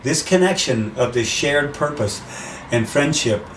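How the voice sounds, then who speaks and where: A middle-aged man chats casually and with animation, leaping up in pitch whenever he acts out what people say. He sits back from the microphone, so his voice comes across roomy and distant. A faint hiss lies under it. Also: expressive, a little slow. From USA. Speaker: race announcer guest. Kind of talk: casual interview chat. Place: outdoors by the sea.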